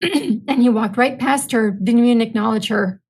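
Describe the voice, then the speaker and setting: On a low-quality recording, a woman with a somewhat high, breathy-edged voice speaks at normal speed as a podcast guest. In this casual conversational interview she tells anecdotes animatedly and acts out bits of dialogue.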